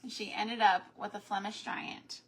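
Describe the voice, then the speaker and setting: A woman's voice: mid-range voice, flat delivery, moderate pace. A woman hosting a live crafting stream, chatting in long rambling asides while she works with her hands. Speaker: homesteading craft host.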